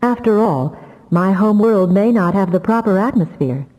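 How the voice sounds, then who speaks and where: A woman's voice: mid-range voice, lively intonation, moderate pace, dark tone, long reverb tail, natural voice, low-quality recording. A woman voicing a passionate, defiant young telepath who pleads and cries out. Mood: guarded. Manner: pleading, strained, near shrieking.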